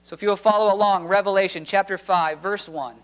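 A man with a fairly high voice delivers a sermon. He speaks in a slow, deliberate preaching cadence, leaning into each phrase. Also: steady tone, poor audio. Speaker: pastor. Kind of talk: sermon with scripture reading.

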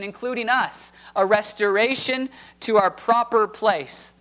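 High-voiced man preaching slowly. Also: sharp tone, poor audio. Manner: slow, deliberate preaching cadence. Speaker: pastor. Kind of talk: sermon with scripture reading.

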